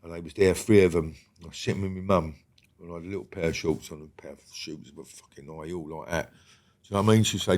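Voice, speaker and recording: Blunt sweary man, low voice. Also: fast, a little mellow. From England. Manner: blunt and sweary, peppers talk with "mate" and "yeah?". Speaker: guest, former prisoner. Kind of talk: candid storytelling interview.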